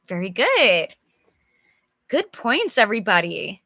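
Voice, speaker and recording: Here a woman is slightly losing her voice, which sounds a bit worn as she runs a live English storybook lesson. Her medium-pitched delivery is lively, slow and full of long pauses, bright and forceful, with no echo. Chatty and encouraging, she answers viewers by name and acts out examples with sighs and groans.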